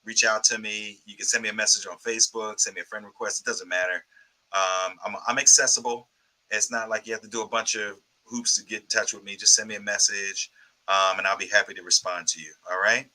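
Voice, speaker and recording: Bright-voiced man giving thanks. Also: on the low side, fairly even intonation, brisk, low-quality recording. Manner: rambling, grateful, many ums. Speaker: guest filmmaker. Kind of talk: casual interview plug.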